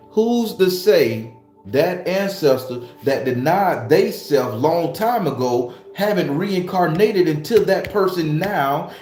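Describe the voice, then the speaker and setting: Here the spiritualist YouTuber sounds high-pitched and slightly mellow. He addresses the camera with preacher-style intensity, cursing openly and throwing out rhetorical questions while faint music plays in an echoey room.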